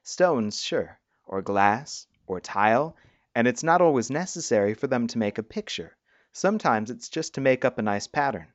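Wary, sharp young woman, as a man reads her. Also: mid-range voice, expressive, normal speed, no echo, dull audio, lightly acted.

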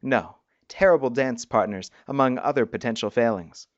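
A man voicing a curious, wary young woman with quick, skeptical retorts in a storybook reading. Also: mid-range voice, no echo, lo-fi sound, close to an everyday voice.

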